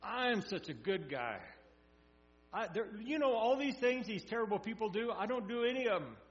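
A man voicing a smug, self-praising Pharisee who brags loudly in his prayer. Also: high voice, animated, normal speed, voice pushed up. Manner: boastful, raised and loud. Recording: echoey hall, dull sound, mains hum.

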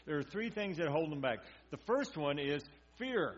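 A man preaching a sermon, talking like a conversation, acting out quotes and dropping to a quiet intensity. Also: on the high side, animated, moderate pace, husky. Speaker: pastor. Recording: dull muffled sound with mains hum.

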